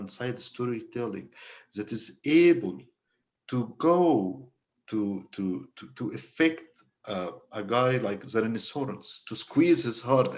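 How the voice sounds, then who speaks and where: A man from Egypt with an Egyptian Arabic accent, speaking English as a panel guest. He tells a story casually, often restarting and repeating words. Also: medium pitch.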